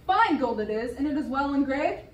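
A woman's voice: high voice, lively intonation, moderate pace, roomy sound, distant mic. A woman reading the lines of a lovesick, squeamish young male clerk in a dramatic, shrieking way. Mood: wooing.

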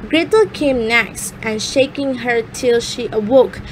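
A woman reading a fairy tale aloud in a careful, slightly halting way, with small slips. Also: a little high, slight background noise, rough recording. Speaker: storyteller.

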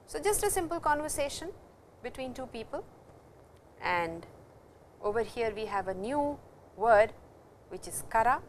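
A middle-aged woman with an Indian English accent giving a patient, explanatory classroom lecture, repeating terms slowly. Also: on the high side, very animated, slight background noise. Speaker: Japanese language teacher.

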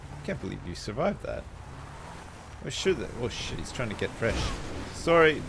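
A man streaming a video game, commenting live in an excitable, jokey way with plenty of swearing. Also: medium pitch, normal speed, gravelly, noisy background.

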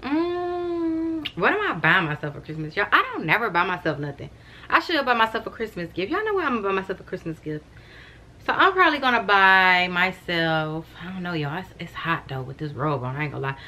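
A woman's voice: lowish voice, very animated, quick pace, bright, forceful tone. A young woman vlogging from home in a casual, chatty way, often calling her viewers "y'all". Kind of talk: casual chat to camera. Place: at home, wrapped in a robe and blanket.

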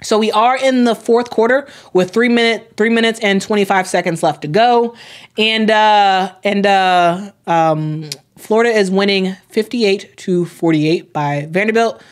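A woman's voice: mid-range voice, measured pace. A young woman hosting a sports live stream, chatting casually, reading chat comments aloud, often repeating herself with plenty of fillers.

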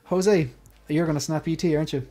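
Chatty higher-voiced male stream host. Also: steady tone, a little fast, mellow. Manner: chatty, jokey, rambling with restarts. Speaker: livestream host. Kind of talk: casual panel chat.

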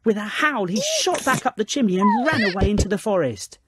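A woman narrating a children's storybook in a lively, expressive reading. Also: mid-range voice, fairly quick, husky.

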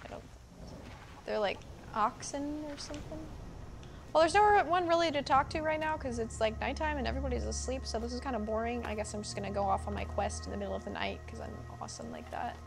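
Brief: bubbly young woman, higher voice, casual gameplay commentary over game music. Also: big pitch swings, fast talker, creaky. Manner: bubbly, chatty, exclaims often. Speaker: gamer playing a first playthrough. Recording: game music playing behind.

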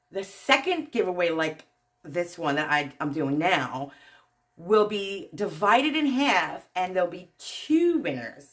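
A woman with a New Jersey accent hosting her own channel, talking to viewers into her phone in an excitable, gushing way, laughing often and trailing off mid-sentence. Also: mid-range voice. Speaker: YouTube channel host. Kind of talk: casual vlog talk to viewers.

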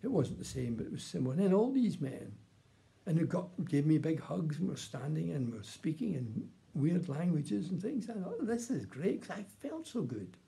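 Gravelly older man giving testimony. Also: on the high side, sing-song, moderate pace, dark tone. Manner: plain, earnest storytelling with restarts. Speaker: testimony speaker. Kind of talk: personal testimony.

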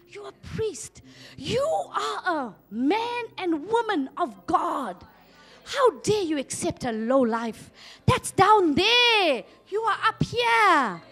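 High, lively woman preaching a sermon. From South Africa. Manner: dramatic swings from loud exhortation to hushed asides. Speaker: pastor.

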